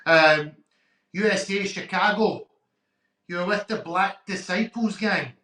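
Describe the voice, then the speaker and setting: A Scottish man hosting a podcast interview, affirming his guest warmly with some hesitant fillers. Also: sits high, a little slow, roomy sound, rough recording. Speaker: podcast host. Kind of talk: interview conversation.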